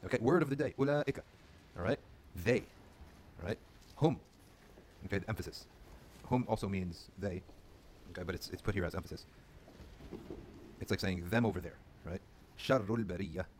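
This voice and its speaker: A man's voice: low voice, darkish tone, slight background noise. A man teaching a video lesson on reading the Quran, spelling words letter by letter and checking in with "okay?" after each point. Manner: patient, repeats words slowly for learners; drills letter by letter, fond of "okay?".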